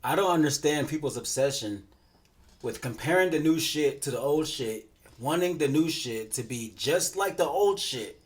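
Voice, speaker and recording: A man's voice: a little high, unhurried. Exasperated ranting man, swearing. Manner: exasperated, swearing, rising to shouts. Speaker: reaction channel host. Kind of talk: ranting reaction commentary.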